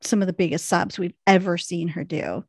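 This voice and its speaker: A woman co-hosting a podcast, retelling a TV episode in a quick, animated way. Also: fairly low pitch, gravelly, slightly rough, no room sound. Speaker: podcast co-host recapping a TV episode. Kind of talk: casual recap storytelling.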